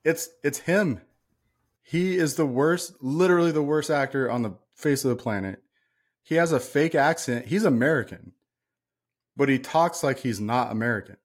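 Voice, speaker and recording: A man's voice: medium pitch, normal speed. A man co-hosting a casual movie podcast, talking bluntly and ranting with plenty of swearing. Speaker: podcast co-host. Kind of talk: casual chat.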